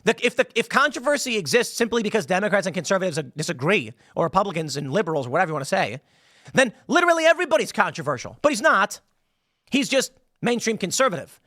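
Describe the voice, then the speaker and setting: A man's voice: sits high, very animated, fast, sharp tone, no echo. A man hosting opinionated political commentary in a combative, sarcastic manner from a small studio.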